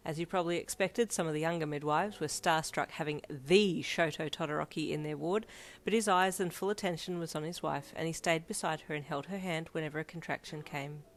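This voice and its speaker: A woman reading fanfiction aloud in a steady storybook narration. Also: deep voice. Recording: soft lofi piano behind.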